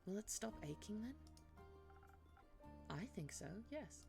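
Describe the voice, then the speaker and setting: A woman voicing a young female ranger who speaks softly and hesitantly in a cosy tavern role-play. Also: medium pitch, big pitch swings, unhurried, vocal fry, over music, voice pushed up. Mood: wistful. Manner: soft, hesitant and yearning.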